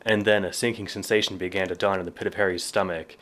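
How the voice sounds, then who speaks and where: A man's voice: low voice, fast. A man co-hosting a casual podcast, discussing a novel and reading passages aloud, chuckling often. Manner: reads passages aloud with lively quoted voices, chuckles often. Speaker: podcast co-host.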